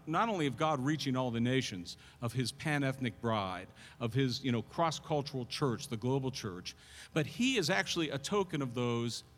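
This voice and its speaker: A man preaching a sermon as pastor, telling the story with animated, rising delivery at the dramatic moments. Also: medium pitch. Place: church sanctuary. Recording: reverberant hall.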